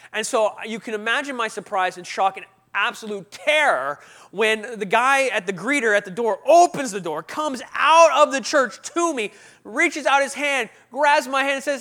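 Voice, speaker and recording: A high-pitched man delivers a sermon, recounting a personal story with energy. He acts out the characters and swings between loud outbursts and quiet asides.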